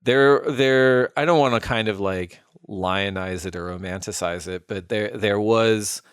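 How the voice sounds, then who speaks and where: A man's voice: on the low side, measured pace, clean tone, no echo, clean studio sound. A man co-hosting a podcast, telling stories in a loose, rambling way full of fillers and "like". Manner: rambling, filler-heavy, frequent "like". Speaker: podcast co-host. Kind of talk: casual storytelling chat.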